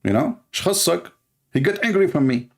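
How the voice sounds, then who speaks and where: A man's voice: medium pitch, normal speed, a little mellow. A man giving a sarcastic, insulting rant in a video commentary, speaking English with loose grammar. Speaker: religious critic answering a video.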